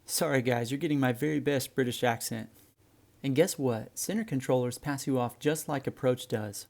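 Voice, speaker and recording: Gravelly, mellow-voiced man teaching flying. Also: mid-range voice, moderate pace. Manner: relaxed, friendly explaining, addresses viewers as guys. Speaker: flight instructor. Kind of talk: instructional narration.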